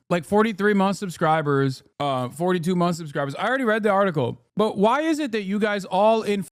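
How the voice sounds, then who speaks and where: A man hosting a live stream, pitched a little high for a guy, talking back to his chat with sarcasm and plenty of profanity. He swings from heated rebuttals to joking asides in a casual reaction style. The sound is close and dry, with almost no room echo. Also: expressive, brisk, hardly any pauses. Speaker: livestream host.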